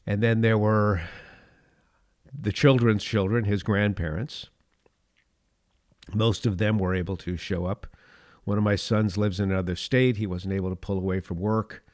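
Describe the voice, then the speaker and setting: An older man hosting a devotional podcast, telling a family story in a relaxed way and reading scripture aloud slowly. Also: on the low side, dry recording, clean studio sound. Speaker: podcast host.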